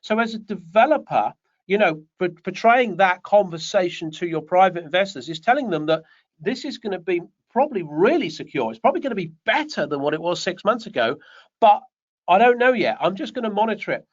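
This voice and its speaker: A man with a notably high voice coaches property developers, rambling and joking as he talks. The sound is dull and lo-fi, like a video call. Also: animated, fairly quick. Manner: chatty, rambling, joking asides. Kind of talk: online Q&A session. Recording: dull lo-fi online call audio.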